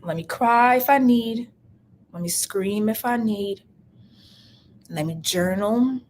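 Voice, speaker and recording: A woman's voice: mid-range voice, slow pace, a little mellow, slight background noise. A young adult woman hosting a live love and life chat, talking passionately and emotionally, near tears, repeating phrases for emphasis. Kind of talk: emotional casual live-stream talk.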